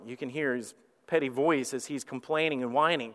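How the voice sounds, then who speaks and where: A man preaching a sermon as lead pastor, telling the story in an animated way and acting out characters, heard with long hall reverb. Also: on the high side, fairly quick.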